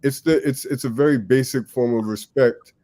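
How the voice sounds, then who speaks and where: A man's voice: medium pitch, normal speed, dark tone. A young man co-hosting a podcast, talking earnestly and patiently explaining his point in casual chat. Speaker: podcast co-host.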